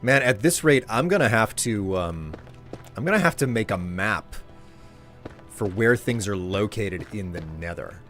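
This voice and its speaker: A male streamer chats casually with his viewers while he plays, rambling through his thoughts in a friendly, loose way. His voice sits on the lower side, and faint music runs underneath. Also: expressive, measured pace. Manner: rambling, chatty, warmly addresses viewers. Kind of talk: casual chat while gaming.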